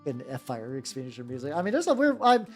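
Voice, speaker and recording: This woman talks fast in an extremely low voice with big pitch swings while streaming her miniature painting. Her chat is casual and rambling, full of free swearing and restarted sentences, with faint music in the background.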